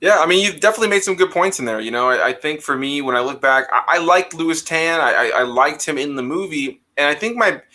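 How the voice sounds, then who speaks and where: Bright-voiced man hosting. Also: a little high, fast, few pauses. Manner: relaxed, agreeable, filler-heavy. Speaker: host. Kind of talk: casual podcast discussion.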